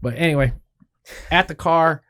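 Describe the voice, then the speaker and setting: A man telling a long, animated story as a podcast guest, swearing freely and acting out what people said. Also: a little high, normal speed. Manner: animated, profanity-laced, acts out quoted dialogue. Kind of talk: casual storytelling.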